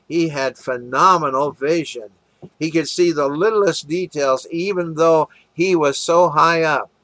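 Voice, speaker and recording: A man's voice: on the high side, a bit bright, no room sound. A man preaching, telling a parable as an earnest sermon story with little acted quotes.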